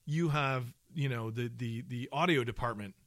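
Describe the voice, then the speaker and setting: A man's voice: medium pitch, moderate pace, fairly bright tone, no room sound, studio quality. A man co-hosting a podcast, talking casually about voice work, rambling with many restarts and asides. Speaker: podcast co-host, audio professional.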